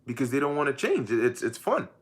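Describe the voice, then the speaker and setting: A man's voice: mid-range voice, big pitch swings, fast talker, husky. A man giving an informal, conversational Bible teaching, often repeating words and asking the listener questions. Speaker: preacher.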